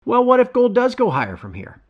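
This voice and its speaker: Brief: middle-aged male host, wry gloomy humor, animated delivery, dull lo-fi sound. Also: extremely high pitch, brisk. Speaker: precious metals site host. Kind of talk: casual podcast chat. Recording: dull lo-fi audio.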